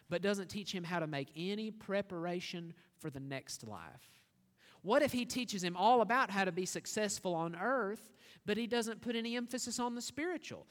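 Man, preaching, high voice, echoing church hall. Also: fairly bright tone. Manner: earnest, rhetorical questions, rising to emphatic reading. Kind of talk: sermon. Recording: long reverb of a church hall.

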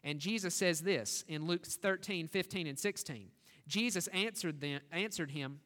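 A man's voice: on the high side, fairly quick, fairly bright tone. A man preaching a sermon, earnest and full of rhetorical questions, building to an emphatic scripture reading. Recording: long reverb of a church hall.

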